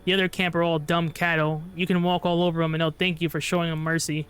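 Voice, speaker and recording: A man's voice: on the high side, level tone, fast talker, a bit bright, smooth, lightly acted. A man reading as a bitter survivor at the door.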